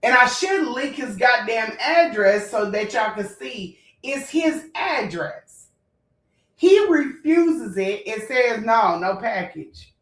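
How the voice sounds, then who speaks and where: A fired-up woman with a fairly high voice and rants to her viewers. She is blunt and profane, and her emotional telling rings in an echoey room. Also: animated, slow, far from the mic. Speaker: vlogger. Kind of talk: heated storytime rant.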